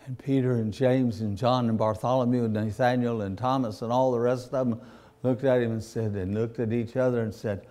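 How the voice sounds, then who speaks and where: A man's voice: medium pitch, fairly even intonation, a little fast, warm tone. A man preaching a sermon, repeating phrases and building to emotional peaks.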